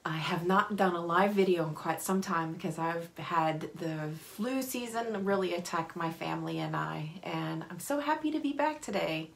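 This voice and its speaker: A woman's voice: lowish voice, creaky. A woman hosting a live paper craft tutorial, chatting cheerfully and greeting viewers by name. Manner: cheerful, apologetic asides.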